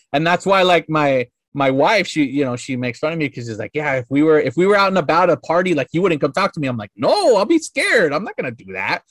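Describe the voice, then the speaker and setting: Rambling, profane man, slightly high voice. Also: fairly bright tone, no echo, clean studio sound. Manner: rambling, profane, full of "like" fillers. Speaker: podcast guest. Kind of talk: casual storytelling.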